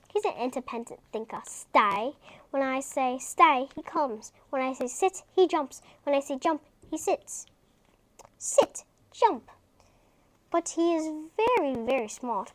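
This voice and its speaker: A woman reading a children's book aloud, breaking off into chatty asides. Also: high voice.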